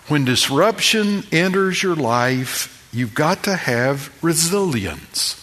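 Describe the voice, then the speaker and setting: A middle-aged male pastor preaching with a bright, forceful tone and an unhurried delivery. He drives each point home through repetition, stacking one phrase on the next. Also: fairly high pitch, lively intonation. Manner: emphatic, builds with repeated phrases. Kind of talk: sermon.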